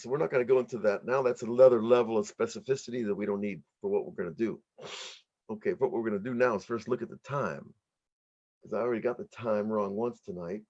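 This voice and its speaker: A middle-aged American man teaches as a rabbi in an online workshop, at a medium pitch. He explains step by step, often restarting his sentences and laughing easily. The audio sounds somewhat dull and lo-fi. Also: a little mellow. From United States.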